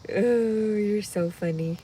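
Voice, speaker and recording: A heavily pregnant woman chatting casually with viewers on a livestream, rambling and anxious, her voice jumping into loud high cries when she gets upset. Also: takes it slowly, slight background noise. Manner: rambling, talks through her worries out loud. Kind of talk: casual live chat.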